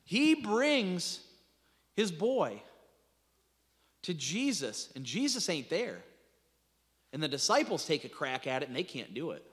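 A man preaching a sermon as pastor, stumbling over restarts and swinging between loud outbursts and hushed asides. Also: on the high side, wildly swooping pitch, slow, long pauses, in a large hall. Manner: impassioned preaching with repeated restarts and dramatic drops to near-whispers.

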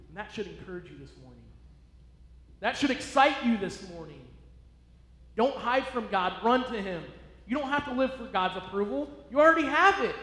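Male pastor, high-pitched, emphatic, repetitive, long hall reverb. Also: fairly bright tone. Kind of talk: sermon. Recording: echoey hall.

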